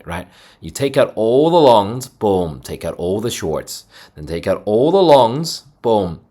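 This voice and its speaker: A crypto trading video host runs through charts in loose, excitable market commentary, punching his points with "boom" and "right?". He sounds energetic and salesy, with a husky edge to an everyday mid-range voice.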